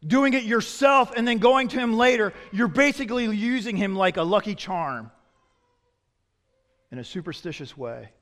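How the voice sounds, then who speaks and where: High-voiced preacher in an echoing hall. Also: male voice, expressive, normal speed. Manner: dynamic, swinging from loud emphasis to quiet low asides. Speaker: pastor. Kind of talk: sermon.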